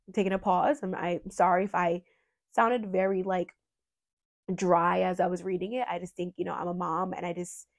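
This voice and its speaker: Earnest woman, lowish voice, true crime host. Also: flat delivery, moderate pace. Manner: earnest, emotional, fights back tears; rambling with fillers.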